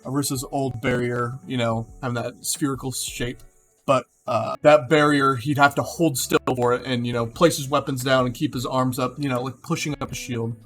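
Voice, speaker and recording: A man's voice: medium pitch, steady tone, moderate pace, a bit bright, faint music behind. A young man casually rambling through game hero concepts, with many fillers and self-corrections. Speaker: gaming video creator.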